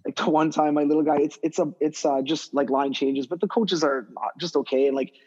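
Rambling, fast-talking hockey coach on a dull line. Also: male voice, fairly high pitch, husky. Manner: rambling, animated, many fillers and restarts. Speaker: guest skill development coach. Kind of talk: casual podcast conversation.

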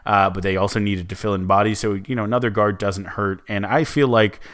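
A man's voice: fairly low pitch, fairly even intonation, fairly quick, fairly bright tone. A man co-hosting a casual sports podcast, rambling with many restarts and fillers. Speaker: co-host.

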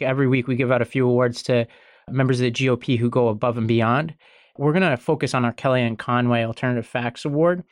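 A man hosting a political podcast, explaining news in a measured, conversational way. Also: mid-range voice, dry recording, studio quality. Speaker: podcast host.

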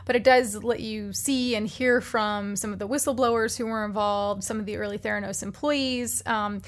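A woman co-hosting a podcast, giving a brisk, informative recommendation in a casual chat. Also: medium pitch, steady tone. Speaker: podcast co-host.

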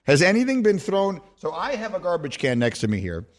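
A middle-aged man hosting a sports radio show, telling stories in a playful, animated way and laughing often. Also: high voice, a little fast. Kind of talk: casual sports radio chat.

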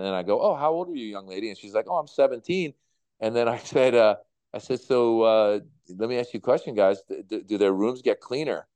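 Male comic, 50s, low smooth voice, chatty storyteller. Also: no room sound. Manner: animated, acts out voices in anecdotes. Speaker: comedian guest. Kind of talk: relaxed interview storytelling.

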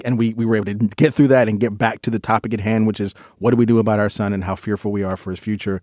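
Rambling low-voiced man in casual chat. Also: steady tone, racing, hardly any pauses, dark tone, dry recording, studio quality. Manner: rambling, self-correcting. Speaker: podcast co-host.

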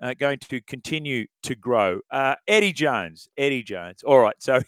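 A man's voice: mid-range voice, animated, normal speed, a bit bright, smooth, dry recording. An Australian man hosts sports talk radio in a casual, opinionated way, chuckling between points. The studio sound is dry and close, with no room around his voice. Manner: chatty, opinionated, chuckles as he talks.

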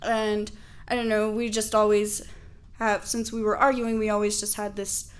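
A woman's voice: medium pitch, level tone, normal speed. A young woman telling a personal story, laughing often and acting out the people she quotes.

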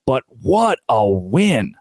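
A man hosting a college football recap show, ranting with exasperated sarcasm and animated swings in his voice. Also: mid-range voice, takes it slowly, no room sound. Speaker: sports show host.

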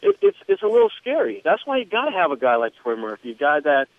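A man's voice: fairly high pitch, huge pitch swings, quick pace, no echo. A man, a guest sports writer, analyzing a basketball team with hesitant restarts, heard over a dull, muffled remote line. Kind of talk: podcast interview analysis.

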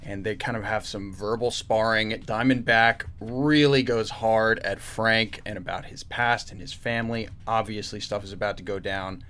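A man co-hosting a casual chat, summarizing a story in a steady way. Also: lowish voice, normal speed, few pauses. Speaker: podcast co-host. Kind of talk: casual chat reviewing comics.

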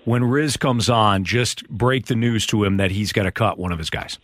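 A man co-hosting a radio show, needling the other host in quick back-and-forth banter. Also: lowish voice, a bit bright, no room sound. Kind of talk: on-air banter.

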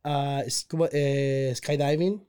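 A man, excitedly telling a story in casual chat, repeating words and restarting. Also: medium pitch, slow pace, smooth. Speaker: pedicab driver telling a story.

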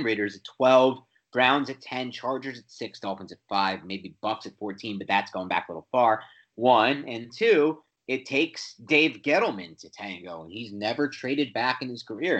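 A man co-hosting a sports podcast, talking football in an animated, opinionated way with quick restarts. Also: fairly low pitch, muffled recording. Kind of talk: casual sports chat.

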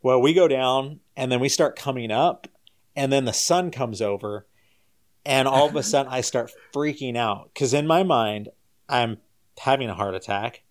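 An average-pitched man telling a story in a loose, conversational way, with a lot of laughter. His voice leaps up and gets louder whenever he acts out what someone said. It drops quiet and low when he reflects. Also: normal speed. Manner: animated, jumps much higher and louder when quoting people. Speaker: guest storyteller. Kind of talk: casual storytelling on a podcast.

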